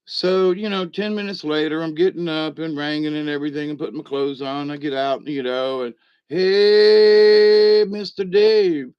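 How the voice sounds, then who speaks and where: A man's voice: on the high side, fairly even intonation, a little fast, hardly any pauses, clean tone, no room sound. A man telling a rambling comic story in a casual way, chuckling and acting out other people's voices as he goes. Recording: dull lo-fi dry recording.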